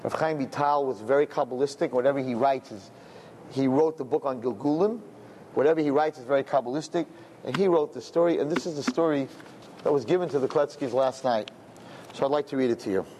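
A man's voice: mid-range voice, a little fast, dark tone, a little hiss or hum. A man telling a religious story to a gathering, often repeating phrases and glossing Hebrew terms in English. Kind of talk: storytelling talk.

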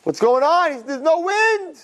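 A man doing a high, bewildered young son. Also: moderate pace, a little mellow. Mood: puzzled. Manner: high plaintive pleading.

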